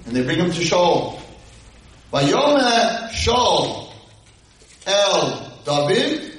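Animated man lecturing in an echoey hall. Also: high-pitched, drawn-out words. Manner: lively, dramatic retelling, translating verses line by line. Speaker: rabbi giving a Torah lecture. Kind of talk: storytelling lecture. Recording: echoey hall, distant mic.

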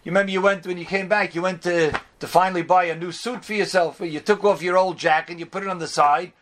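A man's voice: high-pitched, fairly even intonation, quick pace, fairly bright tone, slight background noise. A man voicing a kindly, generous older rabbi who soothes and reassures. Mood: reassuring.

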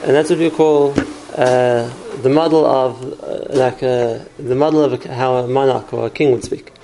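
Man, teacher, lecture to a class, gravelly, mellow tone, explains with stories. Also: mid-range voice, steady tone, normal speed, slight background noise, poor audio. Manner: explains through stories and examples, answers questions.

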